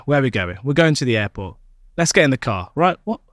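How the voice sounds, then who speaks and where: Animated young man telling a tall tale. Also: quick pace, no room sound, studio quality. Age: young adult. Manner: playful storytelling, lively swings in pitch. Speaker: podcast co-host. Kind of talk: comic casual chat.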